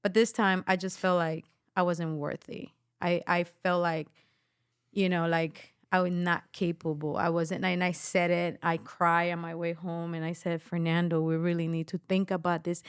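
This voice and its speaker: A woman's voice: lowish voice, unhurried, smooth, no echo, studio quality. A young adult woman giving an emotional personal testimony as a podcast guest, acting out the voices of the people in her story. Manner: animated storytelling, acts out quoted voices.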